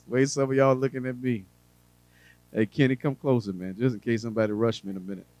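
Man preaching, quiet then loud. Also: medium pitch, dry recording, low-quality recording. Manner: conversational preaching with humor and asides to the audience; swings between quiet, drawn-out phrases and loud emphasis. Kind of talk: sermon.

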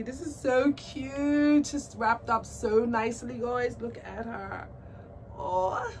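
A woman vlogging a doll unboxing, gushing and squealing with delight as she chats to her viewers. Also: fairly high pitch. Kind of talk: excited unboxing chat to camera. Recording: distant mic with faint background noise.

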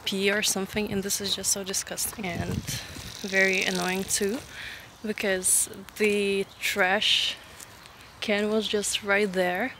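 A woman's voice: mid-range voice, fairly bright tone. A woman vlogging casually while walking in a park, chatty and exasperated as she rants. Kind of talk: casual outdoor vlog. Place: outdoors in a park. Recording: outdoor noise. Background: birds and outdoor ambience.

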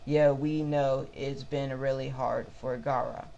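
A man's voice: mid-range voice, little pitch movement, measured pace, vocal fry, mellow, lo-fi sound, slight background noise. A man voicing a blunt young female ninja in a read-aloud story.

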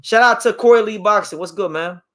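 A man's voice: high voice, brisk, fairly bright tone. A man hosting a boxing talk stream, reading chat questions and giving strong opinions, often repeating words as he gets worked up. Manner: emphatic, opinionated, repeats words when fired up. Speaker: boxing talk show host. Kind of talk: live-stream boxing commentary answering chat.

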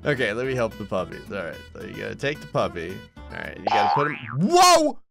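Young male gaming host, animated, joking, quick to laugh, swooping delivery. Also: on the low side, creaky, soft background music. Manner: excitable, laughs often, jokes at the game. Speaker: gaming YouTuber. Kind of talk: let's-play commentary.

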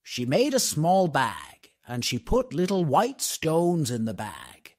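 A man narrating a storybook for English learners, reading slowly, clearly and expressively. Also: on the high side, very animated, darkish tone, dry recording, clean studio sound.

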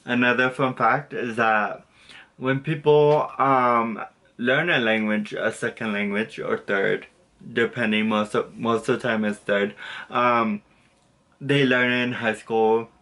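A man's voice: medium pitch, fairly even intonation, slow pace, bright, forceful tone. A young man casually teaching a basic lesson, rambling and correcting himself with lots of fillers and apologies. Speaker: language tutor.

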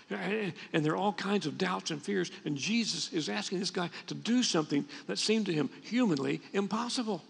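A man's voice: high-pitched, normal speed, vocal fry, husky. A man preaching a sermon as pastor, in a conversational way with frequent restarts. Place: church sanctuary. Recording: long reverb from a church hall.

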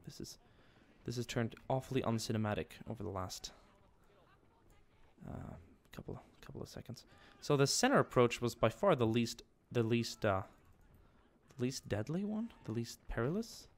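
A young man giving live commentary on a strategy war game, yelling and swearing at his troops one moment and muttering quietly the next. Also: mid-range voice, normal speed. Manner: excitable, swears and yells at his units, drops to quiet mutters. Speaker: gameplay commentator.

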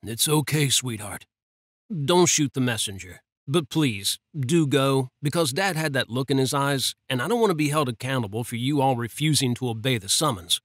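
A man's voice: mid-range voice, lively intonation, normal speed, fairly bright tone, no echo, clean studio sound. A man voicing a cocky, joking younger brother in an audiobook romance. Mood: pleading. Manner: flippant, joking, emphatic. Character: cocky younger brother, god's son, teasing.

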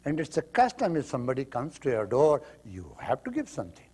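A man's voice: medium pitch, wildly swooping pitch, a little fast, mellow, breathy edge. A man giving a spiritual lecture, telling parables emphatically and acting out the quotes. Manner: emphatic storytelling with acted quotes. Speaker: spiritual teacher.

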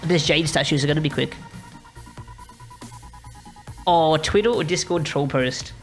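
A woman's voice: deep voice, fairly quick, faint music behind. A young Australian woman streaming a game, chatting to her viewers in a rambling, apologetic way. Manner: rambling, apologetic, talking to chat while playing. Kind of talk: casual live-stream chat.

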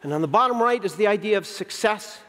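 A man in his fifties giving a conference keynote. He tells stories in an animated way, acts out the dialogue, and slows down to stress key points. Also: high voice. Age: 50s. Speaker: keynote speaker. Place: large conference venue. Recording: long reverb of a big hall.

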